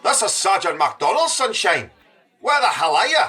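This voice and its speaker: Sketch role: a man voicing a bossy, gruff Teesside police sergeant, husky and demanding. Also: high-pitched, very animated, moderate pace, bright, forceful tone, a faint crowd, pitched above the performer's own voice, full character voice. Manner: bossy, barking.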